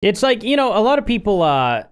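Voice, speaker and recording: A man and father in casual podcast chat, laughing often and talking in a relaxed, conversational way. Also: high voice, fairly quick, clear, resonant tone. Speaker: podcast co-host.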